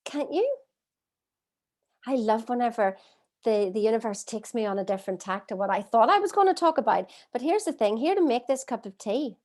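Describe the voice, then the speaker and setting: A middle-aged woman leading a live online coaching masterclass from home, earnest and expressive, asking her audience many rhetorical questions. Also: fairly high pitch, a little fast. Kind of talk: live-streamed coaching talk. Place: at home, streaming by video call.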